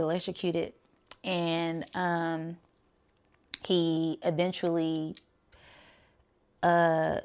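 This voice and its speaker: A woman recapping a movie plot in a casual vlog, retelling scenes eagerly and repeating words for emphasis. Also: on the low side. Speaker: movie reviewer.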